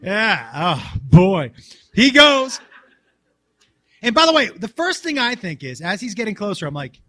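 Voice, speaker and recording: A man telling a story on stage as a stand-up comedian and joking with the crowd, jumping between shouts and mutters. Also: sits high, big pitch swings, measured pace. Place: large hall with a live audience.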